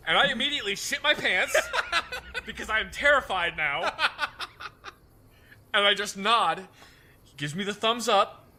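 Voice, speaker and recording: Bright, high-voiced storytelling man. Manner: animated, laughs through his lines. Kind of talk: comic storytelling.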